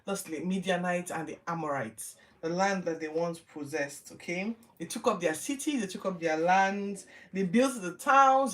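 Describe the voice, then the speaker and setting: A woman's voice: mid-range voice, recorded from a distance. A woman hosting a Bible reading show, retelling scripture casually and acting out the quotes with animation. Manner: animated, acts out quotes in lively voices. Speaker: Bible reading podcast host.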